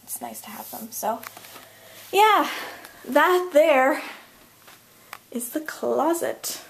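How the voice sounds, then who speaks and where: A woman's voice: sits high, lively intonation, drawn-out words, vocal fry, a little hiss or hum. A young woman giving a casual vlog tour of a home nursery, out of breath and chatty, full of ums and likes, trailing off as she moves around. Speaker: vlogger.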